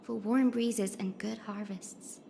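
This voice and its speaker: A woman's voice: medium pitch, steady tone, takes it slowly, creaky, dark tone, long reverb tail, a little hiss or hum. An actress playing a curious young female video game companion who explains things to the player in an earnest tone. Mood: explaining. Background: game music.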